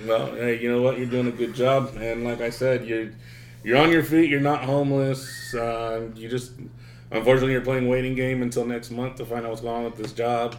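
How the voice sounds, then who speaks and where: A man's voice: mid-range voice, level tone, a little fast, reverberant. A man hosting a podcast, telling stories in casual chat, rambling with many fillers and cursing freely, recorded in a hotel room. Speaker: podcast host.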